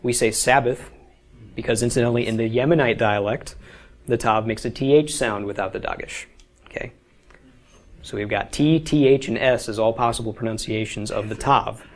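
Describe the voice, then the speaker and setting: A man's voice: mid-range voice, brisk. A man teaching a beginners' language class, explaining step by step and often checking with "okay?". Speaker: Hebrew teacher. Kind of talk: informal classroom lecture.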